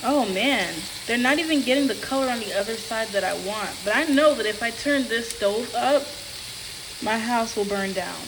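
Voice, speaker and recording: A young vlogger chats casually while cooking in her home kitchen, delivering animated, exasperated rants punctuated by laughs. Her voice is on the high side and her pace moderate, and the echoey room carries faint noise.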